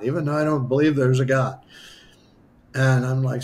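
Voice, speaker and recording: A man's voice: medium pitch, normal speed, pauses often, slight background noise. A man being interviewed as a healer, telling a personal story in a chatty way with many asides. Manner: animated, acts out his own past dialogue; conversational, with many asides and restarts. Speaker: spiritual healer guest.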